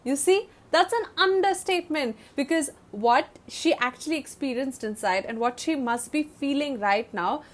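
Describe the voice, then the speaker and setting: A woman's voice: sits high, moderate pace, few pauses. A woman with an Indian English accent teaching a literature lesson in a chatty, repetitive way with many fillers. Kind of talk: explaining a lesson.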